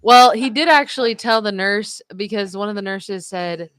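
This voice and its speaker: A woman's voice: medium pitch, normal speed, a bit bright. A woman hosting a casual live stream, telling a story in a chatty way, filling her talk with "like" and "you know" and laughing often. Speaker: livestream host.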